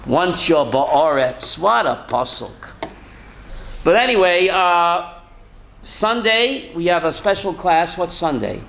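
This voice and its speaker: A rabbi teaching a Torah class to students, animated and full of rhetorical questions. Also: male voice, high voice, takes it slowly, vocal fry, a little hiss or hum. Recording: roomy classroom echo.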